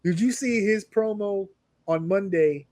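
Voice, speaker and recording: High-voiced animated man recapping wrestling. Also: measured pace, no echo. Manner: animated storyteller who acts out wrestlers' lines. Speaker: podcast co-host. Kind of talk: casual chat.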